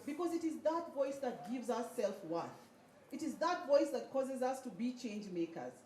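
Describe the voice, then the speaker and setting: A woman's voice: high voice, big pitch swings, moderate pace, a little mellow, slight background noise. A woman giving a motivational speech at a graduation, leading the audience in call-and-response chants. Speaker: speaker at a graduation ceremony. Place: event hall with an audience. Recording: echoey hall.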